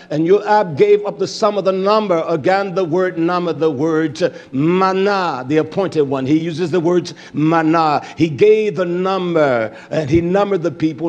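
A man preaching a sermon, swinging from fiery shouting down to low muttered asides. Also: highs cut off.

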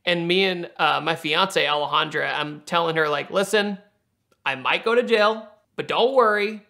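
A young man from Virginia telling a car story in a casual, animated way, laughing and acting out the quotes. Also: fairly high pitch, normal speed, vocal fry.

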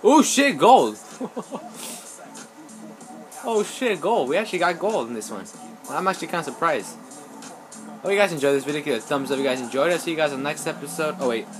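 Excitable, swearing man playing a game. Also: on the high side, fairly quick, pauses often. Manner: excitable, profane, yelling at the game. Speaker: gameplay commentator. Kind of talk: casual let's play commentary. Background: game music.

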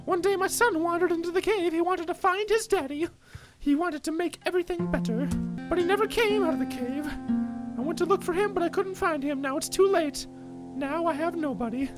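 Man putting on a very high falsetto, grieving widow, pleading, sorrowful, game character read aloud, music behind. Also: fairly quick. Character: grieving desperate young widow woman. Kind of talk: reading game dialogue aloud. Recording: music playing underneath.

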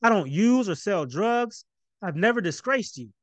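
Excitable teen boy with a raised, eager voice, read by a man, storybook reading, dry sound. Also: fast, no room sound, close to an everyday voice. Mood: pleading. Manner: pitched up, eager and pleading.

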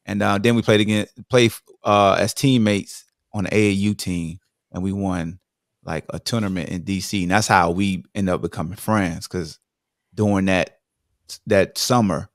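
A man from Virginia, a former football player, telling stories in a lively way and acting out the voices of the people in them. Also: low-pitched, moderate pace, no room sound, clean studio sound. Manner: lively, acts out voices in his anecdotes. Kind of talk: animated storytelling interview.

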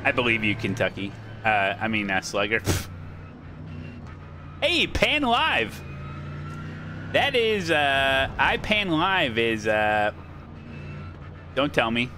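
American man, sim racing streamer, bright and animated, jokey live commentary. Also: mid-range voice, slow, long pauses, a little hiss or hum. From United States. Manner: joking, chatty, thanks viewers mid-race. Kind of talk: casual gameplay commentary.

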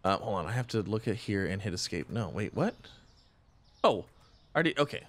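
Excitable man with a lively voice. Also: lowish voice, fairly quick. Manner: excitable, chatty, thinks aloud, frequent exclamations. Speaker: gaming channel host. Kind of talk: casual let's-play commentary.

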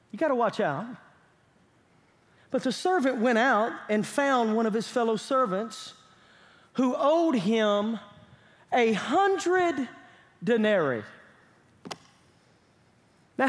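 High-voiced preaching man in echoing church. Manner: emphatic preaching with rhetorical questions to the congregation. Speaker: pastor. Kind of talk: sermon. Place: church sanctuary.

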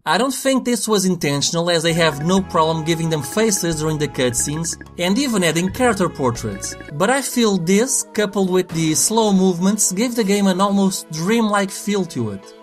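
Reviewer voice-over: young man, blunt and snarky, higher-pitched delivery, swears for punch. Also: animated, normal speed, hardly any pauses, soft background music. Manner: sarcastic, blunt, swears for emphasis. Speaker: retro game reviewer. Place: voice-over over game footage.

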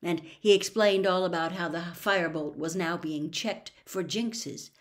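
A woman reading a children's novel aloud as an audiobook, measured and expressive. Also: lowish voice. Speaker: audiobook reader. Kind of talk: scripted storybook narration.

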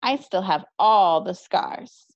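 A woman's voice: medium pitch, animated, slow pace. A woman reading a chatty sporty boy. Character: boy, easygoing sporty storyteller. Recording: dry, slightly muffled recording.

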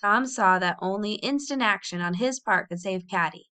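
A woman reading a children's novel aloud in a clear, expressive storytelling voice. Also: medium pitch, normal speed. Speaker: audiobook reader.

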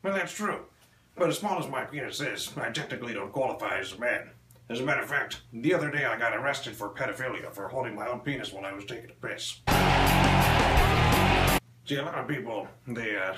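A man doing a crude stand-up comedy set, delivering deadpan one-liners on a small club stage. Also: medium pitch. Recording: echoey room with faint ambience.

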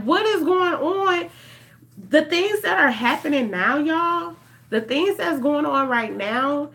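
A woman's voice: high voice, pushed and bright. A young woman, talking straight to her viewers in an impassioned vlog. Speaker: vlogger. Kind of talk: emotional direct-to-camera commentary.

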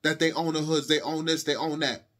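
A man's voice: fairly high pitch, steady tone, fairly quick, a bit bright. A young adult man giving a heated monologue to camera, impassioned and repetitive, lecturing his viewers. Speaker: video commentator.

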